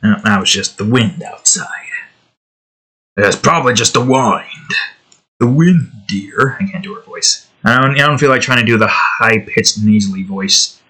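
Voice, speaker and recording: A man's voice: lowish voice, moderate pace, bright, forceful tone. A young man chatting casually while he draws at home, rambling with lots of fillers and side comments. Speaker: digital artist and channel host. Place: at home indoors, with his cat nearby.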